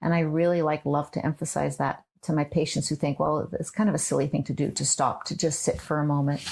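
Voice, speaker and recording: Middle-aged therapist lady, deep fry-y voice, slow and measured, explaining stuff. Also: level tone, a little mellow, a little hiss or hum. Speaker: neuropsychologist and trauma therapist guest. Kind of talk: interview conversation.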